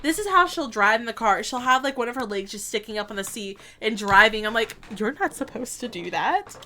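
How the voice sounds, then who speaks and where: A woman's voice: a little high, expressive, a little fast, sharp tone. A woman in her twenties chatting casually while streaming a game, telling stories with frequent laughs and quoted asides. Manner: chatty storytelling, laughing often, quoting herself.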